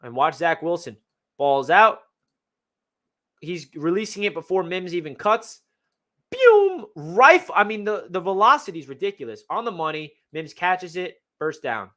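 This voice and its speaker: A young man excitedly breaking down game film as a fan analyst, talking in a slangy way full of exclamations. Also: on the high side, moderate pace.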